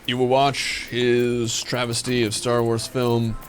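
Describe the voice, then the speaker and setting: A man's voice: mid-range voice, slow pace, a little hiss or hum. A male streamer casually chatting with viewers while playing a game. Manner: chatty, animated, talks to viewers.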